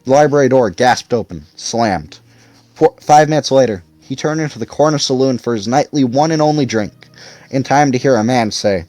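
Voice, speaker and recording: A man's voice: mid-range voice, normal speed, no echo. Man narrating an audiobook, dry close sound. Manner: expressive reading. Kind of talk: scripted narration.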